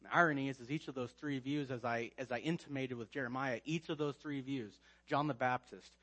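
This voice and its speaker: A man preaching a sermon, emphatic, rising to loud stresses and dropping to quiet asides. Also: mid-range voice, a little fast. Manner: emphatic preaching with swings between loud and quiet, frequent restarts. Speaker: pastor.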